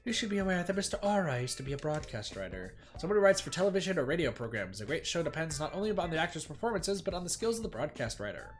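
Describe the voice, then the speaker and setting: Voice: medium pitch, sing-song, fast, hardly any pauses, faint music behind, lightly acted. A streamer voicing a polite, anxious female producer who speaks formally and placatingly. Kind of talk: voicing a game character while reading aloud.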